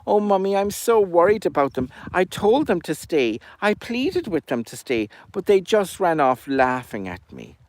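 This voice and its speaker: A man's voice: high voice, big pitch swings, normal speed, hardly any pauses, no room sound, voice pushed up. A man voicing a big, greedy, sly cuckoo chick who whines sweetly in a puppet story. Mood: whining. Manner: whiny, sly.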